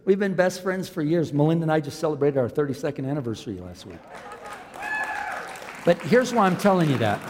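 A man in his fifties preaching a sermon as a pastor, swinging from loud, impassioned lines to quiet, low ones. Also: lively intonation, normal speed, pauses often, slightly rough, a faint crowd. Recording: long hall reverb.

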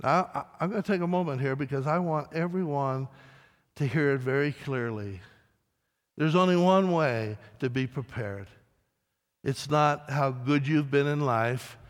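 A man preaching a sermon as pastor, emphatic, with dramatic rises and soft drops. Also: medium pitch, normal speed. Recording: long reverb of a large hall.

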